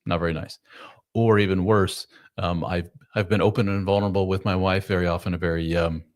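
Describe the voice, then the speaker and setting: A man with a very low voice talks straight to his viewers on a live advice stream about marriage. He is blunt and casual, swears now and then, and keeps going through his ums and uhs. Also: fairly even intonation, fairly quick. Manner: blunt, casual, and profane, full of fillers; acts out spouses' lines in voices. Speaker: relationship coach and author, host. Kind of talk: live advice stream answering chat questions.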